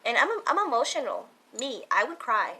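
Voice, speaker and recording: A young woman talks to her viewers in a casual question-and-answer vlog, earnest and halting, circling back and repeating her words. Her voice sits a little high and rings bright. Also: very animated, breathy edge, rough recording. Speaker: vlogger. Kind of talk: casual Q&A talk to camera.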